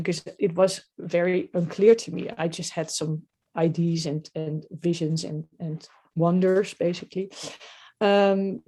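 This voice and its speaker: A woman's voice: on the low side, mellow. A middle-aged woman with a Dutch accent, speaking as a podcast guest in a reflective, hesitant way with many fillers. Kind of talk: podcast interview.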